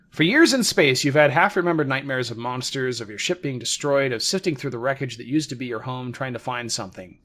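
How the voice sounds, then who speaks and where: Host of a group let's play; man, mid-range pitch, reads the game's text and narrates, chatty, often laughs, trails off mid-sentence. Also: fairly bright tone, a little hiss or hum. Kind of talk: casual gameplay commentary, reading game text aloud.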